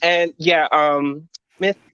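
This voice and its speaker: A man co-hosting a podcast, reviewing an episode in an animated, indignant rant. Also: a little high, slow pace, clear, resonant tone, no echo. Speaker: podcast co-host. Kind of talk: casual review chat. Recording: dry, dull lo-fi sound.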